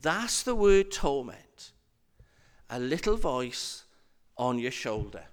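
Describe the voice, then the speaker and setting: A man's voice: medium pitch, big pitch swings, slow pace. A man, a minister, preaching a sermon in an earnest, repetitive cadence.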